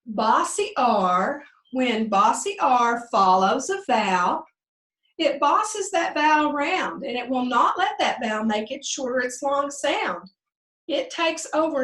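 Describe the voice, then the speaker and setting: A woman teacher walks young children through a phonics lesson, drawing out each sound and lifting her voice brightly on the answers. Her voice is high and very lively. She sits a little away from the mic in a roomy, echoing space. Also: far from the mic. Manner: slow, drawn-out sounding out of words; sing-song, encouraging teacher talk. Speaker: second grade teacher.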